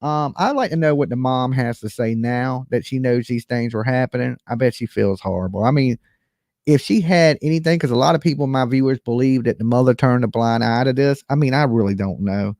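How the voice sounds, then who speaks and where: A man's voice: medium pitch, a little fast, a little mellow, no echo, clean studio sound. A man hosting a live stream, giving casual, chatty commentary straight to his viewers. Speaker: livestream host reacting to a recording.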